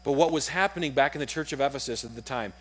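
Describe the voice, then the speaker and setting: A young adult man preaching a sermon to his church, telling a story with acted-out dialogue in a lively, conversational way. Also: mid-range voice, quick pace. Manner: animated storytelling, acts out dialogue. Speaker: pastor. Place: church auditorium.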